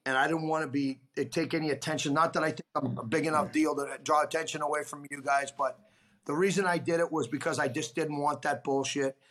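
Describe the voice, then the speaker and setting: A middle-aged man swaps hockey stories on a podcast, swearing freely and slipping into the voices of the people he quotes. His voice sits a touch higher than most men's, and he talks in a loose, rambling way. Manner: profane, animated anecdotes with quoted voices. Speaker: guest, former pro hockey player. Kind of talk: casual podcast storytelling.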